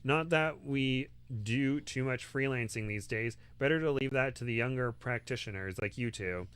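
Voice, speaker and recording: A man's voice: medium pitch, moderate pace, a bit bright, clean tone, close to an everyday voice. A man reading the lines of an easygoing, joking adult wizard in a storybook. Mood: teasing.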